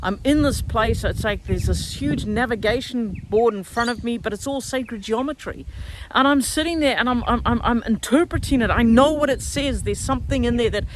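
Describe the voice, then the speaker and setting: A woman telling a personal spiritual story to camera outdoors, frank and animated, swearing freely. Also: on the high side, moderate pace. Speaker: spiritual channeller and podcaster. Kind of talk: casual storytelling vlog. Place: outdoors, standing on the ground. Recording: wind noise on the mic outdoors.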